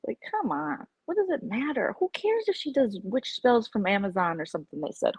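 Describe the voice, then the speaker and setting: A woman's voice: a little high, huge pitch swings, brisk, hardly any pauses, breathy edge, no echo. A woman vlogger in casual live-stream chat, rambling and opinionated as she reacts to her viewers' comments.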